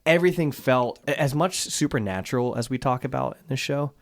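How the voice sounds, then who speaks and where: A man's voice: mid-range voice, fairly quick, no echo, clean studio sound. A man co-hosting a casual podcast, talking in a reflective, thoughtful way about how the show made him feel.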